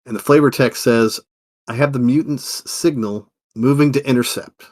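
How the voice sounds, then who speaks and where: A man's voice: medium pitch, fairly even intonation, moderate pace, darkish tone. Matter-of-fact male podcast co-host. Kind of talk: casual podcast chat, reading game cards aloud.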